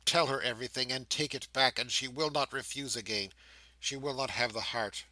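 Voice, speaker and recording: Man voicing a grieving young woman, pleading, tremulous, bright tone, audiobook. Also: mid-range voice, normal speed, dry recording, poor audio. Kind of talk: audiobook character reading.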